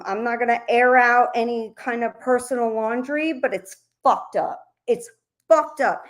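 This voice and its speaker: A middle-aged woman streamer delivering an angry, profane, confrontational rant to her audience. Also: on the high side. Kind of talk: heated livestream rant.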